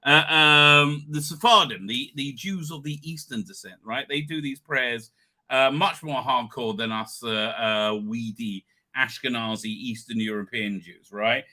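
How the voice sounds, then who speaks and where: A man's voice: medium pitch, a little slow, pushed and bright. A man, rambling tiredly through a casual livestream, full of asides and restarts. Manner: chatty and digressive, with frequent restarts and "right?" asides. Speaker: livestream host.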